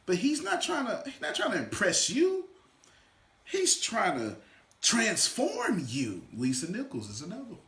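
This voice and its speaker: A man giving an energetic motivational teaching talk to a small live audience, swinging from loud shouts to quiet asides. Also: sits high, measured pace. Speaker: motivational coach. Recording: echoey room.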